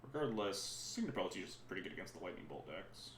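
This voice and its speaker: A man's voice: deep voice, big pitch swings, fast, fairly bright tone, echoey room, slight background noise. A man streaming a card game from home, giving casual, rambling commentary that keeps breaking off mid-sentence. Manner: chatty, rambling, self-interrupting. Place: room at home.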